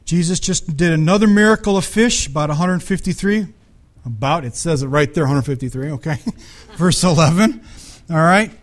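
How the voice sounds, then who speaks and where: A man's voice: on the high side, moderate pace. A man preaching a conversational sermon, asking his listeners questions and acting out the voices in the story. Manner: conversational, acts out the Bible voices, asks the audience questions. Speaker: pastor.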